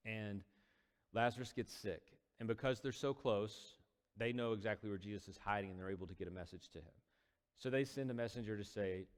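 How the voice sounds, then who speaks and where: A man's voice: lowish voice, brisk, clean tone, big-room sound. A man casually retelling a Bible story as a teacher, conversational with quoted dialogue. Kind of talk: casual Bible study talk.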